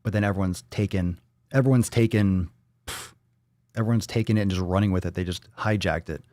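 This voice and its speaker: A man hosting a fitness live stream, talking bluntly and profanely in quick ranting bursts and reading viewer comments aloud. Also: low-pitched, darkish tone, no room sound, studio quality. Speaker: fitness livestream host. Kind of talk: casual live-stream talk.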